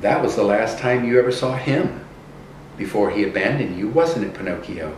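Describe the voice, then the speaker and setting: A man voicing a kind female fairy godmother with silver wings, who asks questions in a gently insistent way. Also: fairly low pitch, moderate pace, a little hiss or hum, close to an everyday voice. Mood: probing. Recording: echoey room from a distance.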